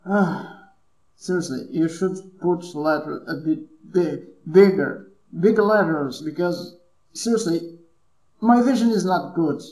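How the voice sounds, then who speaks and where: A man's voice: on the high side, slow pace, a little mellow, roomy sound, poor audio. A man commentating his own horror gameplay, jumpy and muttering curses to himself. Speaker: gamer playing a horror game.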